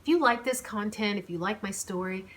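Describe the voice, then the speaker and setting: A woman's voice: medium pitch, brisk. A woman author reading her own novel aloud and chatting between chapters in an emotional, rambling way, recorded on a home microphone. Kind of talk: audiobook narration and chatty aside.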